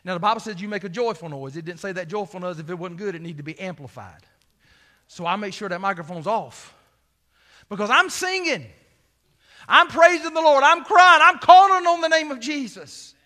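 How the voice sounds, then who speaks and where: High, bright-voiced shouting preacher. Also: male voice, animated, fairly quick. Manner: swings from shouting to hushed asides. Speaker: pastor. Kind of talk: sermon.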